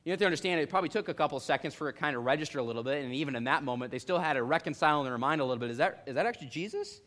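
A young man preaching an expository sermon, telling the story in a lively way and acting out the voices of the people in it. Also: a little high, racing.

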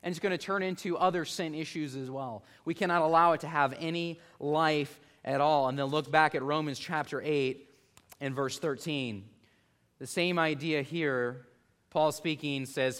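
A man in his thirties preaching with a somewhat high voice. He delivers his sermon earnestly, building in force at key points and slowing down to read scripture aloud. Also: steady tone, fairly bright tone, clear, resonant tone. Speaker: pastor.

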